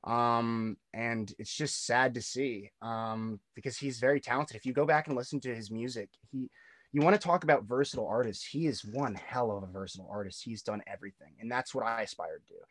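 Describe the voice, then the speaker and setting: A man's voice: medium pitch, a little fast, dry recording. A young man in his twenties, a musician guest in a casual interview, talking loosely with lots of swearing, fillers and restarts.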